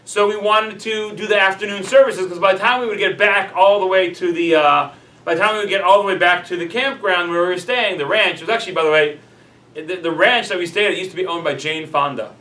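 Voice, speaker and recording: A man's voice: high-pitched, fairly quick, sharp tone. A man, a rabbi, teaching a class in a casual, chatty storytelling way, full of "like" and "you know". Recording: roomy echo, mic at a distance.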